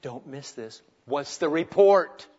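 Man, middle-aged, pastor, sermon, rises loud then drops to a hush, muffled recording. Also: a little high, lively intonation, slow pace. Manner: swings from loud urgent preaching to soft hushed tenderness.

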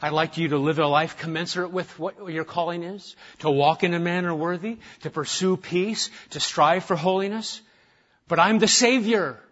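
A man preaching a sermon as pastor, passionately stressing points and then dropping to a hushed tone for prayer. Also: fairly high pitch, steady tone, normal speed, few pauses, lo-fi sound. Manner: impassioned, swinging from loud emphasis to hushed, intimate prayer. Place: church.

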